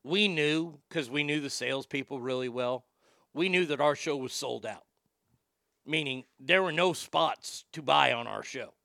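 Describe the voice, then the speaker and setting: A man telling stories in a casual livestream as a former radio host, animated, swearing freely and reading out viewer comments. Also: medium pitch, unhurried, vocal fry, no room sound, studio quality.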